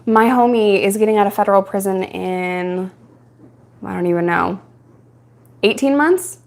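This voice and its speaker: A woman's voice: medium pitch, a little slow, gravelly. A young adult woman from New York, hosting a casual live-stream Q&A and telling stories frankly, with frequent laughs. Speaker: live-stream host answering viewer questions.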